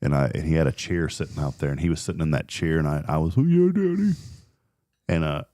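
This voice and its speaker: Deep-voiced man telling stories. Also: racing. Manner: animated, acts out quoted voices, many restarts. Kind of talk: casual storytelling chat.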